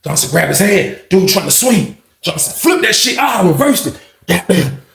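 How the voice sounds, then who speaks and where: A man hosting a casual storytime channel, telling a profane, animated prison story and mixing in vocal sound effects. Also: high voice, moderate pace, gravelly, echoey room.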